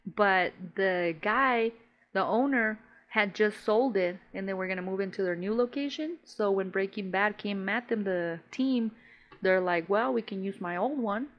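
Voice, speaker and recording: A woman chats on a podcast, trading stories in casual slang full of swearing and "bro." She is animated and often laughs mid-sentence. The recording is a bit dull and lo-fi. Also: medium pitch, unhurried. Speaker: podcast co-host. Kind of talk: casual storytelling chat.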